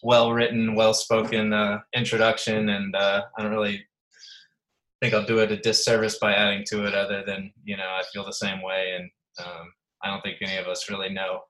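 A man's voice: on the low side, monotone, a little fast, a bit bright, poor audio. A man joining a podcast from his apartment, talking in a laid-back, rambling way with many restarts. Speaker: podcast guest. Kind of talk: casual conversation. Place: apartment at home.

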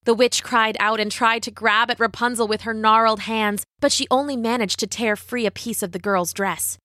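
A woman reading a storybook aloud in an expressive, measured way. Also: fairly high pitch, no room sound, studio quality.

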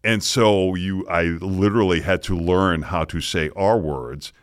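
A middle-aged man from the Boston area, a news anchor telling lively anecdotes with frequent chuckles in a casual podcast. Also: low-pitched, measured pace, no echo, studio quality. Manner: animated anecdotes, chuckling often.

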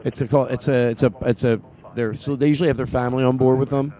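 A man hosting a podcast in an animated, laughing, comedic chat. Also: medium pitch, fast.

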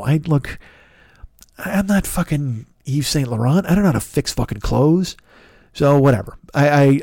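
Brief: fifties male comic hosting a podcast, rambling and swearing, mid-pitched, dry close mic. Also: creaky, a little mellow, no room sound. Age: 50s. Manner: rambling, profane, self-deprecating. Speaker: comedian podcast host. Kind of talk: casual monologue.

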